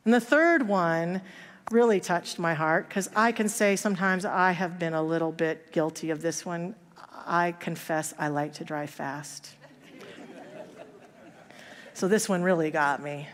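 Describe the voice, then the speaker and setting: Unhurried and lowish in pitch, a woman minister preaches in a church sanctuary whose long hall reverb fills the recording. Her sermon is built on stories, and she performs the quoted voices of their characters.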